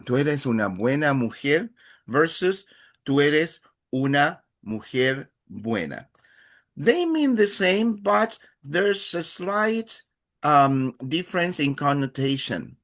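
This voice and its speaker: Slow, patient man teaching Spanish. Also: fairly high pitch, sing-song, a bit bright. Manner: patient, explains slowly with many fillers, acts out little dialogues. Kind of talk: live online Spanish lesson.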